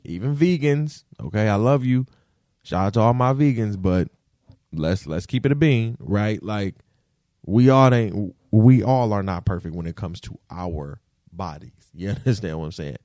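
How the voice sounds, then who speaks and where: A man talking in a casual rant, animated, swearing freely and tossing in fillers like "you feel me". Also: on the low side, normal speed, no room sound, clean studio sound. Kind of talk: casual rant, podcast-style chat.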